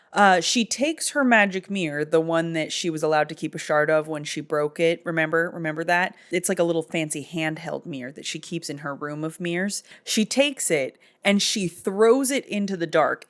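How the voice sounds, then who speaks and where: A woman in her thirties, casually recapping a movie in a chatty, amused, rambling way. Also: lowish voice.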